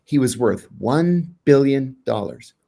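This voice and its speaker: A middle-aged man, a podcast guest, telling a long anecdote with restarts and lively acted-out quotes. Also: medium pitch, slow, creaky. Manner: animated storyteller, restarts and fillers, acts out quotes. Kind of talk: anecdotal storytelling in a podcast interview.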